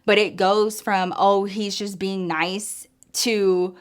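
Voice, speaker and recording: A young adult woman telling a story in a casual vlog, animated and swearing, acting out the voices of the people in it. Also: mid-range voice, takes it slowly, smooth.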